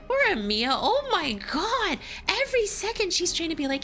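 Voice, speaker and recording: A woman's voice: high-pitched, sing-song, fairly quick, hardly any pauses, fairly bright tone, soft background music. A woman streamer reading through a game story, with playful, giggly commentary. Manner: playful, giggly, reads game dialogue aloud.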